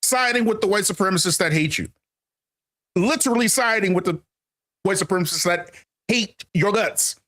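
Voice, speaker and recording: A man's voice: high-pitched, moderate pace, long pauses, fairly bright tone. A man hosting a casual commentary monologue, emphatic and repetitive, calling his viewers family and laughing often. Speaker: channel host.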